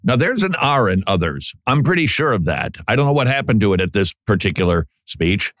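Male commentary host, low voice, dry studio sound, emphatic and sarcastic delivery. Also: sing-song, fairly quick, a bit bright, no echo. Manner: sarcastic, emphatic, stammers when reacting. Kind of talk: political commentary monologue.

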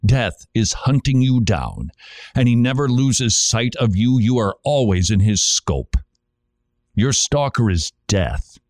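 Brief: male preacher-host, lively pitch, insistent rhetorical questioning, dry close mic. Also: slow pace, no room sound. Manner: emphatic, rhetorical questions to listener. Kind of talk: preaching-style podcast talk.

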